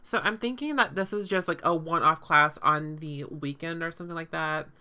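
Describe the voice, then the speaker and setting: A woman's voice: sits low, normal speed, bright, forceful tone. A woman hosting a podcast, recapping a show in casual, sarcastic chat full of fillers and swearing.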